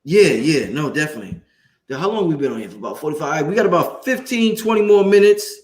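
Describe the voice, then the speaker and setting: Hyped high-voiced man, echoey room. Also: fast. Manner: hyped, excited and self-assured, swears freely. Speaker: livestream host. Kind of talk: casual livestream talk. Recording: roomy, echoey room sound.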